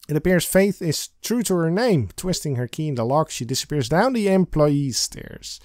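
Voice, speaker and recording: Playful, lively man playing a game. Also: fairly high pitch, normal speed, few pauses, dry recording, clean studio sound. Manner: playful, giggly, sings and reads lines with silly emphasis. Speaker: let's play host. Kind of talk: let's play commentary, reading game text aloud.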